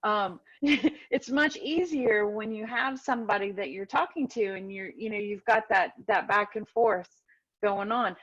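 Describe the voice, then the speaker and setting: A woman's voice: medium pitch, unhurried, a bit bright. A woman talks casually as host of an online session, heard over a video call. Her voice comes through a little dull and lo-fi. She rambles and restarts herself as she goes. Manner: chatty, loses track and restarts. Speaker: webinar host.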